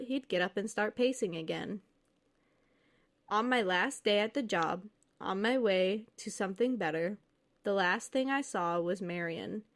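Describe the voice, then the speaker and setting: A woman podcast co-host reading listener stories aloud, then joking and laughing with her co-host. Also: medium pitch. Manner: reads steadily, then jokes and laughs freely.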